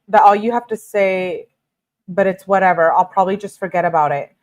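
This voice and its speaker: A woman's voice: medium pitch, a little fast. A woman hosting a true-crime commentary, casually reading text messages aloud and adding her own chatty reactions.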